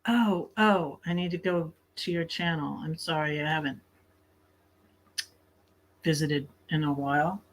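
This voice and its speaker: A woman's voice: low-pitched, fairly even intonation, a little slow, long pauses. A woman hosting a casual late-night livestream from her bed, chatty, laughing often and snacking while she talks. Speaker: livestream host.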